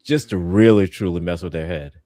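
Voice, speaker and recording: A man's voice: sits low, brisk, warm tone, no room sound, studio quality. A man hosting a podcast, reviewing a show in casual, joking chat. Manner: playful, joking, laughs a lot. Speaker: podcast host.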